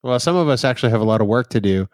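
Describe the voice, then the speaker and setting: A man co-hosting a podcast in casual banter, teasing his partner and quick to laugh. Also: medium pitch, lively intonation, no room sound. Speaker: podcast co-host.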